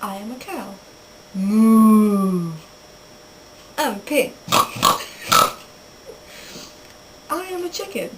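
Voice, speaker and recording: A woman's voice: sits high, very animated, brisk, few pauses, recorded from a distance. A young woman doing silly animal noises for a home video, giggling between them. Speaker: vlogger. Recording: noisy home recording.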